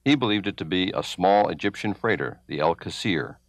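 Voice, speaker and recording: A man giving grave, measured scripted narration for a documentary. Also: low voice, animated. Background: music.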